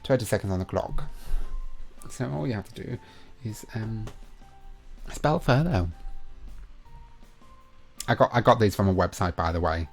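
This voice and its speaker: A man's voice: fairly low pitch, soft background music. Chatty young man hosting a quiz. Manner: chatty and playful, with asides between questions; reads each question twice, slow and emphatic. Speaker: quiz host. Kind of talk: live online quiz hosting.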